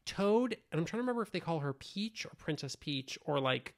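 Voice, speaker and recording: A man co-hosting a podcast in a casual chat about an old show. He fires off animated, quick questions. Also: fairly high pitch. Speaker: podcast co-host.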